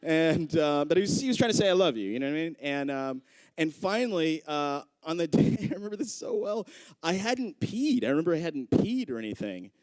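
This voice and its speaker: A man's voice: fairly high pitch, brisk, no room sound. A young adult man doing stand-up, telling a story and acting out the people in it. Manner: animated, acts out voices of people in his story. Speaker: stand-up comedian. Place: comedy club stage.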